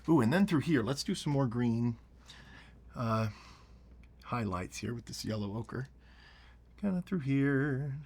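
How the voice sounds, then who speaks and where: A man hosting a relaxed painting tutorial, talking through each brushstroke and often sinking to a near whisper as he works. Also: mid-range voice, measured pace, long pauses. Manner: soft-spoken, often dropping to a near whisper while working. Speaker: painting show host.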